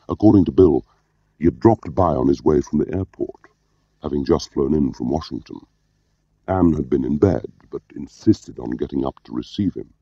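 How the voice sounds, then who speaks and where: A man narrating an audiobook in a measured, understated way. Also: very deep voice, creaky, dark tone, slightly rough, no echo. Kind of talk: scripted narration. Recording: dull lo-fi audio.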